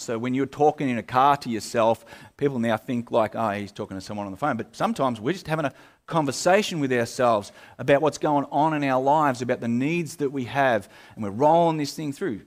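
A male pastor, preaching in a relaxed, conversational way, full of fillers and restarts. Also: mid-range voice, moderate pace. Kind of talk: sermon.

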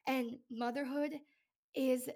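A woman's voice: high voice, fairly even intonation, slow, a little mellow. A woman hosting an interview, talking earnestly and emphatically in a casual chat, building her points through rhythmic repetition. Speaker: podcast host.

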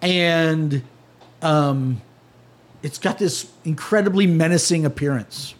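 High-voiced game master, casual and halting. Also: male voice. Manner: casual, hesitant, many fillers. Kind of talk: narrating a tabletop game.

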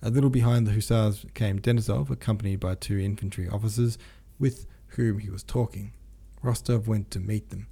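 Low, mellow male audiobook narrator. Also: steady tone, a little fast, vocal fry, few pauses, slightly rough. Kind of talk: audiobook reading of a classic novel.

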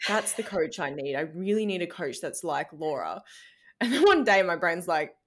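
A woman's voice: on the low side, sing-song, normal speed. A woman podcast guest who coaches shadow work coaches, talking candidly in a casual interview, with plenty of "like" and the odd swear word.

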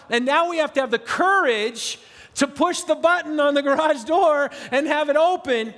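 A man's voice: very high voice, moderate pace, fairly bright tone, long reverb tail. A middle-aged man, a pastor, preaching an earnest, conversational sermon full of repetition and restarts.

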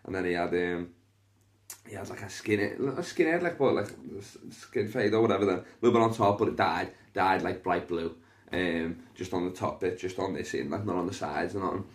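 A Liverpool-accented man with a fairly low voice tells stories on a podcast. His delivery is loose and rambling, peppered with swearing and fillers. It sounds like casual chat between friends. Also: fairly quick. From Liverpool, England. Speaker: stand-up comedian and podcast host.

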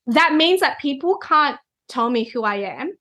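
A woman's voice: sits high, expressive, a little slow, pushed and bright. A woman, a guest reader, explaining concepts in a conversational chat and often checking in with "right?". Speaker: Human Design reader, guest.

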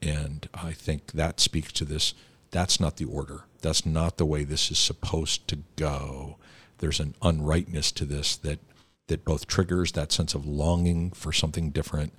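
A man's voice: extremely low pitch, a bit bright, slightly rough. A man hosting an interview, reflective and affirming as he talks. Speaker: host. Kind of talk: conversational interview.

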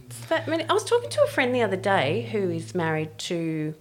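A woman's voice: medium pitch, wildly swooping pitch, brisk, a little hiss or hum. A woman, chatting casually, laughing often and acting out quoted voices. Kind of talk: casual chat.

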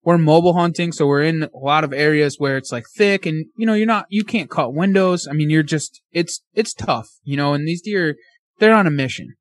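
A man telling a hunting story as a podcast guest, animated, acting out his own and his friend's words. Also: a little high, a little fast, no room sound.

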